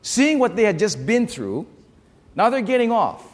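A middle-aged man preaching a sermon, telling stories with lively call-and-response to the congregation. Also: high-pitched, normal speed, in a large hall. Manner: animated, storytelling with call-and-response. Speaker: pastor.

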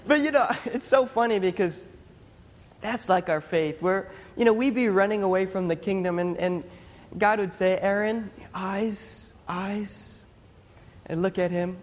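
A young adult man, a pastor, preaching a sermon in a conversational, animated storytelling manner. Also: high-pitched, normal speed. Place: church sanctuary. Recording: long hall reverb, faint music.

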